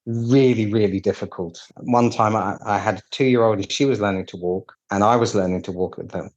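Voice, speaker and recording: A man from the UK talks through his story with wry candor, slipping into the voices of people he quotes. His voice sits low and has a husky, breathy edge. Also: steady tone, fairly quick, darkish tone, highs cut off. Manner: candid, wry, acts out quoted dialogue with restarts. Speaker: piano technician guest. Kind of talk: casual storytelling interview.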